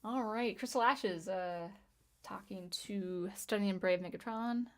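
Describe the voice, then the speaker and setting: A woman in her thirties chatting casually on a livestream as she reads viewer comments, talking in a halting way with frequent restarts. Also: medium pitch. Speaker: livestream host, music teacher and composer.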